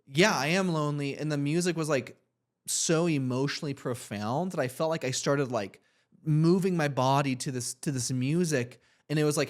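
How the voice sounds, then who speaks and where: A young man co-hosting a podcast, telling a long personal story in a rambling, earnest, reflective way with many "like"s. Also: mid-range voice. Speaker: podcast co-host. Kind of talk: casual storytelling.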